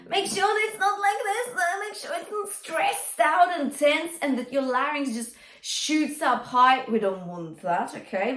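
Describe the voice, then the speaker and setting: Vocal coach woman, roomy sound. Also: on the high side. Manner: encouraging, demonstrates by singing. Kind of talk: singing lesson. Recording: roomy and a bit distant from the mic.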